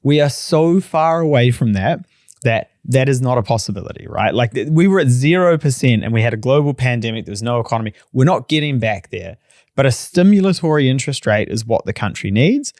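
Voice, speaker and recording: A man's voice: mid-range voice, expressive, fairly quick, darkish tone, no echo, clean studio sound. A man, co-hosting a podcast and giving confident, emphatic opinions in casual chat. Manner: confident, emphatic, plain-spoken. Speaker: podcast co-host, mortgage broker.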